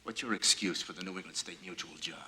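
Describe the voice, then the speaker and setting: A police officer who runs a lineup and barks curt orders. His voice is sharp, and the room gives it an echo. A 1970s film scene. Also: low-pitched, fast. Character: gruff male police officer running a lineup.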